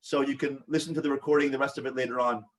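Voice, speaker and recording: A man's voice: mid-range voice, steady tone, rapid-fire, far from the mic. A man leading a support group, who coaches, asks the group questions and acts out sample replies. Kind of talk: teaching a live online group session.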